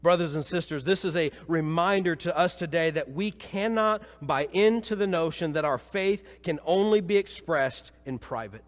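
A man from Missouri preaches to his church with a high voice that carries a long reverb through the hall. He tells his story with lively energy, then sinks into low, solemn appeals to the congregation. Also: normal speed, hardly any pauses. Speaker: pastor. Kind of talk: sermon.

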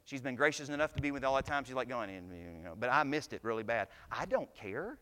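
A man's voice: medium pitch, sing-song, a little fast. Man preaching in a church hall. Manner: preaching, swells to shouts at climaxes. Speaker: pastor. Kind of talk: sermon. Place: church sanctuary.

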